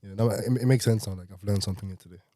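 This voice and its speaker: Man, deep mellow voice, dry sound, relaxed chatty podcast host. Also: very fast, no echo. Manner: relaxed, chatty, laughs easily. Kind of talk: casual conversation.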